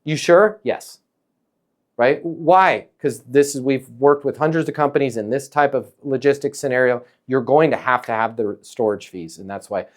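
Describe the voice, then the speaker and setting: A man coaching a salesperson with emphatic, energetic talk, acting out little dialogues as he goes. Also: medium pitch, moderate pace, hardly any pauses. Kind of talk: coaching a caller in a sales session.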